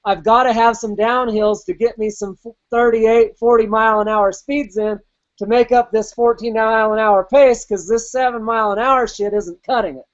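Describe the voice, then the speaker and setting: A man's voice: high-pitched, steady tone, normal speed, muffled recording. A man telling a personal race story in a casual, vivid way, with swearing and quoted inner thoughts. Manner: vivid, profane, replays his own inner voice. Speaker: podcast host.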